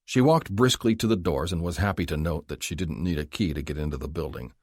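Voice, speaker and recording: A man narrating a romance audiobook in an expressive, measured reading style. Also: low-pitched, dry recording, studio quality. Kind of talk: scripted narration.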